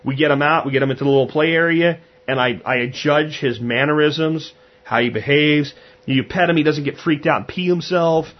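A man's voice: fairly high pitch, normal speed, muffled recording. A man hosting a podcast, talking in a blunt, conversational way and acting out what he said. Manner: blunt, conversational, acts out his own quotes. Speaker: podcast host. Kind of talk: casual monologue.

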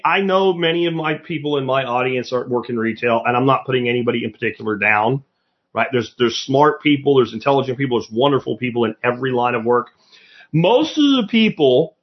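A man's voice: fairly high pitch, breathy edge, highs cut off. A man hosting a solo podcast, blunt and opinionated, swearing casually as he rants. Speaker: podcast host.

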